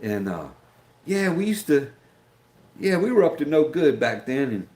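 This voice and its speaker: A man's voice: fairly high pitch, sing-song, a little slow, a little mellow. An older man, chatting casually on his live stream, rambling with many fillers and restarts.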